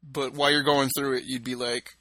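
A man's voice: medium pitch, little pitch movement, a little fast, pushed and bright, no room sound. A man co-hosting a casual podcast, telling self-mocking stories with lots of "you know" fillers. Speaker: podcast co-host. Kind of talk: casual chat.

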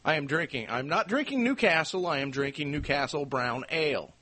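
An American man co-hosting a casual podcast, lively and laughing as he tries to do impressions of singers. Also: a little high, fairly quick. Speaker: podcast co-host.

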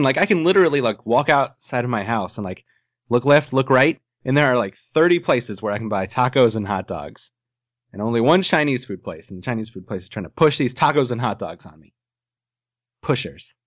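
A man's voice: mid-range voice, expressive, brisk, dry recording. A man co-hosting a podcast in casual chat, rambling and jokey, swearing casually. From Ohio, US. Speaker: podcast co-host. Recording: dull lo-fi sound.

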